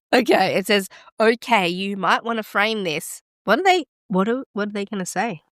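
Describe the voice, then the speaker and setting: A woman with a mid-range voice and moderate pace hosts a podcast, chatting casually. Reading results and stats aloud, she gets excitable and gasps and exclaims, and the studio-quality audio has no room sound.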